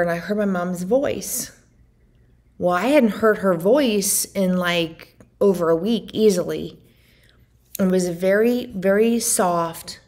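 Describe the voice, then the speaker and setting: A woman vlogger earnestly telling a personal story to her viewers, emotional and full of "like" and "you know". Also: on the low side. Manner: earnest, emotional, heavy use of "like". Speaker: vlogger and family caregiver.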